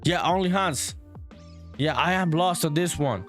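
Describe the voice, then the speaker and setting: Young male indie dev on a live stream; relaxed, profane chat with viewers, voice a touch high, quiet music bed. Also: unhurried. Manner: profane, laid-back, reads chat aloud while working; calls viewers "dude". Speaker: solo indie game developer streaming live.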